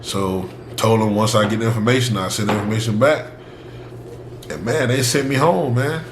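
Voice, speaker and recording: A man's voice: on the low side, moderate pace. Young guy telling his football story, acts out everybody, laughs a lot, roomy echo and a faint hum behind. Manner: animated, acts out both sides of the dialogue, laughs often. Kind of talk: casual storytelling to camera.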